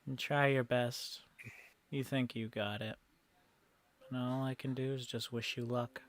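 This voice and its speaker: A man voicing an exhausted old male priest, who speaks slowly, softly and with resignation. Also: mid-range voice, steady tone, natural voice. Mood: resigned. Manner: slow, soft and resigned. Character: weary old male priest seeking penance.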